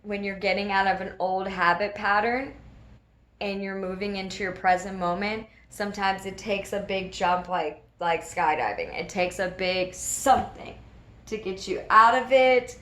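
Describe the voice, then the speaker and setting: A woman, a regular host of a spiritual video series, telling a personal story in casual, animated talk and acting out the voices of the people in it. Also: mid-range voice, normal speed. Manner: animated, laughing often, acts out quoted voices.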